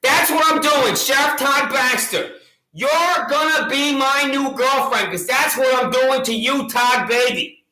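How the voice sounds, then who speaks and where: A man rants at a sheriff in a mocking, badgering tone and keeps repeating his taunting questions. His voice sits very high and sounds sharp and bright. The room around him is echoey. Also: a little slow. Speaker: local gadfly taunting a sheriff. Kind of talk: ranting monologue addressed to a sheriff.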